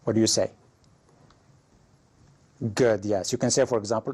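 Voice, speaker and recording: A man's voice: fairly low pitch, fairly even intonation, moderate pace, long pauses, a little mellow, breathy edge. A man teaching an English lesson, reading out example situations and asking his learners what they would say. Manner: reads example prompts aloud, asks learners questions. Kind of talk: classroom lesson.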